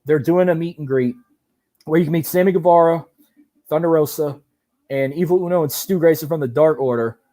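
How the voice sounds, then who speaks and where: A man guesting on a podcast interview, telling loose, animated stories with casual swearing. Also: on the high side, brisk. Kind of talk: casual chat.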